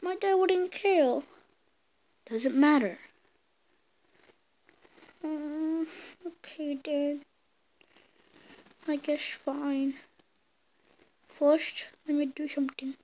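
A woman's voice: high voice, drawn-out words, long pauses, mellow. A woman acting out a comedic skit with toy characters, teasing and mimicking slang in a playful way. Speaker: skit maker.

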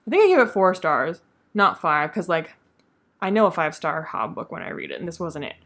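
A woman chatting casually through her monthly reading wrap-up, opinionated and quick to laugh. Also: lowish voice, expressive, fairly bright tone. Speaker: book reviewer.

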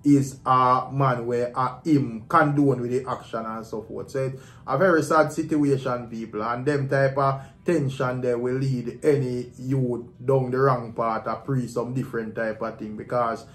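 A man's voice: medium pitch, steady tone, moderate pace, few pauses, a bit bright, echoey room. A Jamaican male host commenting sympathetically on a clip, often asking "you see what I say".

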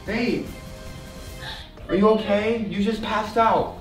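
A man's voice: high voice, fairly even intonation, slow, recorded from a distance. A young man co-hosting a home vlog, rattled and repeating himself while pleading with his girlfriend. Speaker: boyfriend, co-host. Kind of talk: prank vlog, casual. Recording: roomy, off-mic, faint music.

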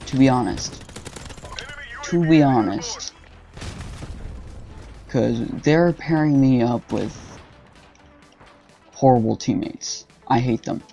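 Young man ranting over gameplay, gravelly. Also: mid-range voice, dark tone. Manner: frustrated, swearing, ranting at teammates. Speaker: gaming channel host. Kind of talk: casual gameplay commentary. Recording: game music and gunfire behind.

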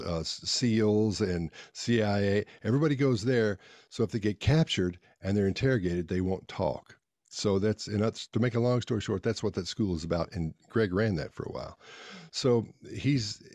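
A man being interviewed as a guest, telling a rambling, animated story with frequent restarts and self-corrections. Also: low voice, dry recording, clean studio sound. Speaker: guest, behavior analyst.

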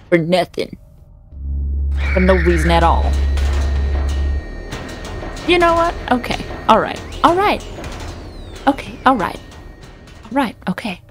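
A young woman commenting on her own play of a horror game, swearing often and mocking her own mistakes. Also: mid-range voice. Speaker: let's play streamer. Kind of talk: gaming commentary. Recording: faint game music behind.

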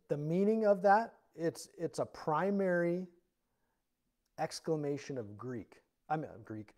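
A pastor with a fairly high-pitched voice teaches the Bible verse by verse in church, earnest and explanatory. He rises loud whenever he reads scripture aloud.

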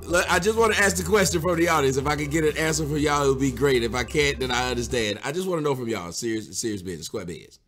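A man's voice: mid-range voice, fast talker, few pauses, fairly bright tone, faint music behind. A male host commenting on a played clip, incredulous and mocking, putting rhetorical questions to his audience.

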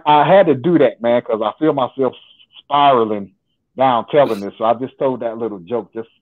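A man telling a story in an interview, acting out what people said, with jokes and swearing. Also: mid-range voice. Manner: acts out quoted dialogue, jokes and swears. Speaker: interview guest. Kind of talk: animated storytelling. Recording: phone-like line.

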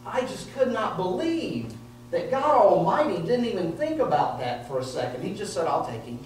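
Man, pastor, fairly high voice, earnest emotional sermon, echoey hall, far from mic. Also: big pitch swings, moderate pace. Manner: earnest, emotional preaching with repeated phrases. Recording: echoey room heard from a distance with faint noise.

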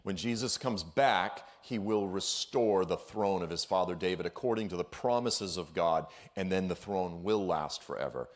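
Man giving an energetic, casual sermon. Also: deep voice, normal speed, few pauses. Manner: energetic, conversational, digressive, uses casual slang. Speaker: guest speaker. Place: church.

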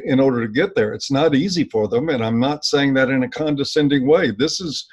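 A man hosting a casual discussion, giving steady, measured explanations. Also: medium pitch, slightly rough. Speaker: host. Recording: dull lo-fi audio.

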